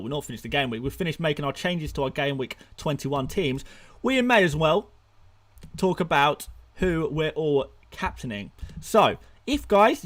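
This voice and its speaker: Young man, fairly high voice, rapid-fire answers, excitable, laughs a lot, out of breath. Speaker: fantasy football streamer. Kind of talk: live stream Q&A.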